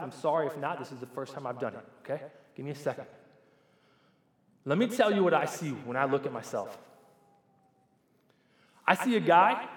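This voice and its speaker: A man in his forties, a pastor preaching a sermon in a church, talking conversationally and putting questions straight to the congregation. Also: high-pitched. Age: 40s. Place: church sanctuary. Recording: echoey church hall with long reverb.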